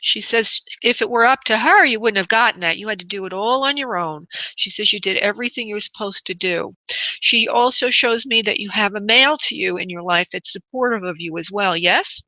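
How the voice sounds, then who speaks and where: Woman, radio psychic host, gentle halting delivery, bright voice, dry close sound. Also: mid-range voice, no room sound, lo-fi sound. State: choked up. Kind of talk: live psychic reading on radio.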